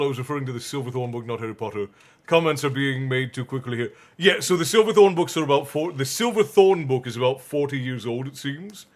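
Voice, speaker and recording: A young man hosts a casual live-stream reading and drifts into chatty asides with his viewers. His talk is loose and joking, full of small laughs between lines of the story. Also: mid-range voice. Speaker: stream host and reader.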